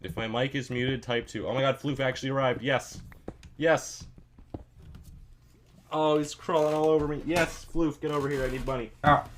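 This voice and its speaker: A man telling a casual, deadpan story to his stream, with lots of "like" and dry jokes. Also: mid-range voice, moderate pace, long pauses, slight background noise. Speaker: gaming streamer.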